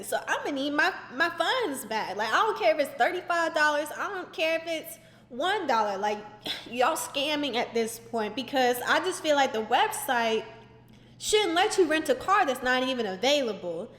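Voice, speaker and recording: A young woman tells a storytime vlog in an animated, exasperated way, her high voice leaning on "like" again and again. The room around her is echoey, with a long ring after each phrase. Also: normal speed. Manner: animated, exasperated, frequent "like" fillers. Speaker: vlogger. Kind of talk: casual storytime. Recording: roomy echoey indoor recording.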